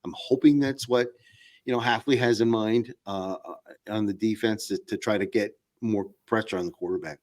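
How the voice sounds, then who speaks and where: A man's voice: fairly low pitch, fairly even intonation, moderate pace, a little mellow. A man appearing as a podcast guest, talking sports in a casual, rambling way with many fillers and restarts.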